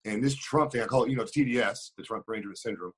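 A man's voice: mid-range voice, slightly rough. A man in casual political chat on a podcast, emphatic, peppering his talk with "man" and "bro". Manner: fast, emphatic, says "man" and "bro" a lot.

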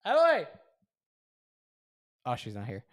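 Young male podcast co-host, teasing and chatty, mid-pitched, dry close recording. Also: lively intonation, moderate pace, no room sound. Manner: laughs often, teasing, lays out hypotheticals. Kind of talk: casual podcast conversation.

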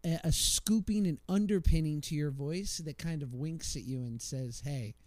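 A man's voice: fairly high pitch, normal speed, darkish tone, dry recording. A man from Manhattan, a podcast guest, chatting casually with wry, playful jokes. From Manhattan, New York.

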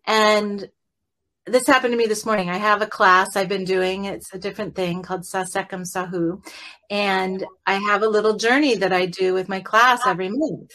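A woman teacher leading a guided meditation in a gentle, rambling way, often adding "right?" and slowing down and softening as she guides the breathing. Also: medium pitch, steady tone. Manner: rambling, with many fillers and tag "right?".

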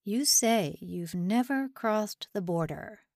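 A woman's voice: medium pitch, lively intonation, takes it slowly, a little mellow, dry recording, clean studio sound. Woman doing a sneering young male interrogator. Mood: menacing. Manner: cold, sneering questioning.

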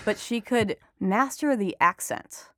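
A woman's voice: mid-range voice, takes it slowly, fairly bright tone, no room sound. Chatty woman reporter, very dry sound. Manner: chatty, laughs often, many fillers. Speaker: entertainment reporter and author. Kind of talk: conversational interview answers.

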